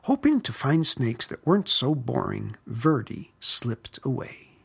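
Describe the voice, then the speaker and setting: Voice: medium pitch, vocal fry, breathy edge. A narrator reading a children's picture book aloud. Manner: expressive, unhurried. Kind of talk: storybook read-aloud.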